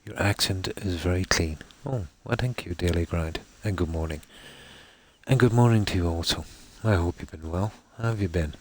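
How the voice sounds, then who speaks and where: A man's voice: sits low, moderate pace. A man from Ireland with an Irish Midlands accent, chatting casually with viewers while he plays, rambling with many fillers. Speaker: streamer.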